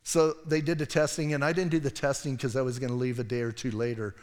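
A male pastor delivers a sermon in an animated, self-deprecating way, telling stories and slipping into hushed asides. His voice sits at an ordinary middle pitch. The sound carries a long reverb, as in a church hall. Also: fast talker. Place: church sanctuary.

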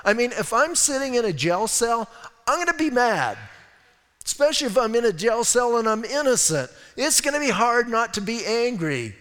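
Folksy older male pastor, echoing hall. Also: very high voice. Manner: folksy storytelling, animated asides. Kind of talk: sermon. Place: church sanctuary.

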